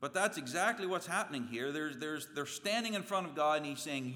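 A man preaching a sermon in a church, animated, acting out voices and swinging his pitch and loudness widely. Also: brisk, few pauses. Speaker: pastor. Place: church sanctuary. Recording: long reverb of a church hall.

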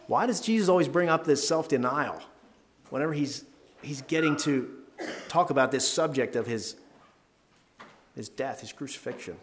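A man leading a devotional Bible talk. He reads scripture aloud and talks it through earnestly, rising in pitch and volume to stress key verses. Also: lively intonation, moderate pace, long pauses, a little hiss or hum.

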